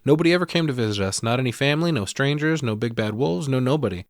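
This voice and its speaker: A man's voice: mid-range voice, expressive, quick pace, no room sound, studio quality, pitched above the performer's own voice, natural voice. A man voicing a stern, secretive rural mother who drawls curt, withholding answers. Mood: evasive, cold.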